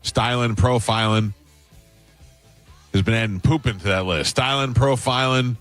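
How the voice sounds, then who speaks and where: A man hosting a radio show, delivering mock-serious, deadpan banter. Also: lowish voice, measured pace. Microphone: studio microphone. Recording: dry studio sound with faint music.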